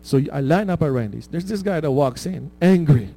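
A man's voice: fairly high pitch, animated, moderate pace, vocal fry, dark tone. A man preaching a conversational sermon, often asking "right?" and laughing at his own stories.

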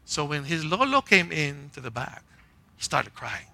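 A man's voice: a little high, very animated, moderate pace, creaky, pushed and bright. A man preaching a conversational sermon, telling a personal story in short punchy phrases and often checking in with "right?" and "okay?". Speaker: pastor.

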